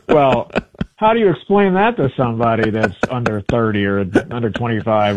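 A man's voice: mid-range voice, big pitch swings, moderate pace, slight background noise. A man calling in to a radio show, chatting in a friendly, self-deprecating way. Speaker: guest calling in. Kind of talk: casual radio chat. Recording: tinny phone line.

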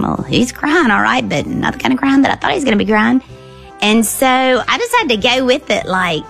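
A middle-aged woman from the American South, telling a personal story in a lively, animated way. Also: on the high side, a little fast, vocal fry, faint music behind. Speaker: storyteller guest.

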